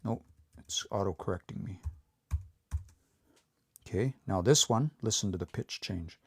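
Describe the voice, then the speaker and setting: On a livestream, a male language teacher works on pronunciation, saying words slowly and urging learners to repeat them aloud. His voice is deep with a breathy edge.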